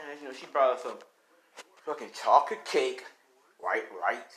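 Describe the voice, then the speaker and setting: A man's voice: medium pitch, expressive, moderate pace, a bit bright. Young guy rambling through a fan story, swears a lot, bouncy voice, noisy mic. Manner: rambling, swearing, lots of fillers. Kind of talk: casual improvised story narration. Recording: noisy home recording.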